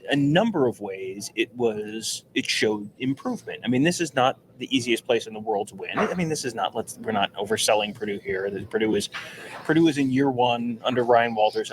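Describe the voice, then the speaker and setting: A man co-hosting a sports podcast, talking quietly and working through his points in a casual, rambling way from a stadium press room. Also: mid-range voice, expressive, brisk, slight background noise, rough recording. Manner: quiet, rambling analysis with restarts. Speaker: podcast co-host.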